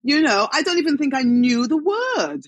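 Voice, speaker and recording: A British woman, a guest actress, chatting in an interview and telling lively stories with frequent laughter. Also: sits high, moderate pace, dry recording. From Britain. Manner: lively storyteller, laughs often. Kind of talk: casual interview chat.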